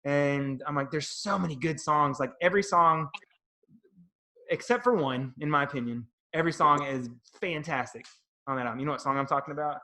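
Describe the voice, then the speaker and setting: A middle-aged man co-hosting a music podcast, telling rambling, animated stories in casual chat. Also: on the high side, a little fast. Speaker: podcast co-host.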